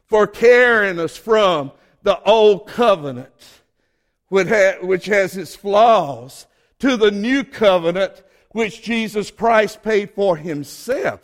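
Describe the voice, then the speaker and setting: A Southern-accented man preaching with a notably high voice. His delivery is folksy and fervent. He drags out key phrases and lifts them to ringing peaks. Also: expressive, slow pace. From Southern United States. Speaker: pastor. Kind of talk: sermon.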